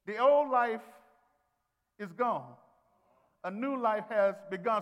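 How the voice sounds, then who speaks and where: A man preaching a sermon, calling on the congregation to answer back and rising to shouts. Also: high voice, slow. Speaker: pastor. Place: church sanctuary. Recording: long hall reverb.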